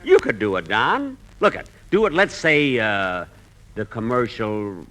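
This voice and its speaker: A man's voice: mid-range voice, sing-song, a little slow, pushed and bright. A man hosting a 1940s radio comedy show, indignant and exasperated in his comic timing.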